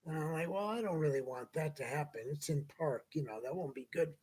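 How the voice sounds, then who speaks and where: A man's voice: a little high, brisk, darkish tone, slightly rough. A man hosting a casual talk show, telling a long anecdote and acting out the people in it. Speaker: podcast host. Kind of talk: casual storytelling chat.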